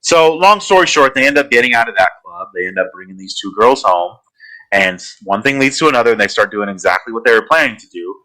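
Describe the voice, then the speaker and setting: A man on a horror podcast recaps a movie in loose, rambling storytelling. His voice sits a little low but comes across bright and forceful, and he keeps the chat casual with plenty of fillers. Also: lively intonation, quick pace, rough recording. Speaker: podcast co-host.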